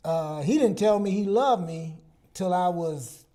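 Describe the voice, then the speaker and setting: A man in his sixties telling personal stories on a talk show, animated and casual, acting out quoted dialogue. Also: high-pitched, measured pace. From Southern US. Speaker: guest psychologist.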